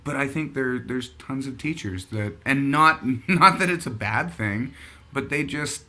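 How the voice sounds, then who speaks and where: A man's voice: mid-range voice, unhurried, bright, forceful tone. A man hosting a casual chat show, rambling and thinking aloud as he talks. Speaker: podcast host.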